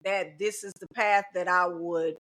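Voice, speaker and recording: Emphatic bright-voiced woman. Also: fairly low pitch, steady tone, a little slow. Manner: emphatic, repeats key phrases. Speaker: teacher and guest. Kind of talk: casual podcast conversation.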